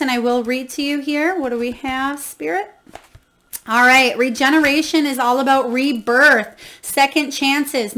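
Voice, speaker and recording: A woman's voice: sits high, a bit bright. A woman giving a tarot card reading to viewers, effusive and encouraging, reading guidebook passages aloud and exclaiming with emotion. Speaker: tarot reader.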